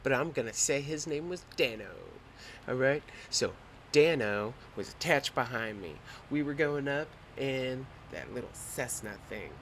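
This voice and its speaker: A young man hosting a podcast, telling a story in a lively, slangy and profane way. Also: medium pitch, unhurried, a little hiss or hum. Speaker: podcast host. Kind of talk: casual storytelling.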